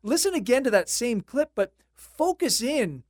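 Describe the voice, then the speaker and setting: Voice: mid-range voice, sing-song, normal speed, dry recording. A host narrating music history in a scripted, conversational way with light wry asides, recorded close and dry.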